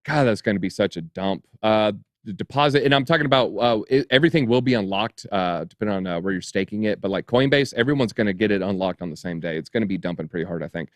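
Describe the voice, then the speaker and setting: A crypto show co-host with a fairly low voice and quick pace reads news stories aloud on a casual talk show, frequently breaking in with dry, sarcastic asides after the headlines. He is miked close in a dry, dead room with no reverb.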